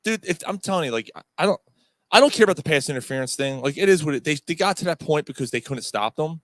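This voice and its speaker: A man's voice: on the high side, animated, quick pace, no room sound. A man co-hosting a casual sports podcast, talking in a profane, rambling, opinionated way. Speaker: podcast co-host.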